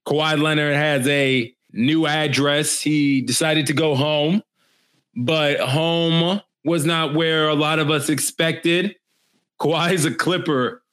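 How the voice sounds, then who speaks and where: A man's voice: fairly high pitch, fairly bright tone, clear, resonant tone. A man hosting a casual sports podcast in a brash way, with swearing and laughs. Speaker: podcast host.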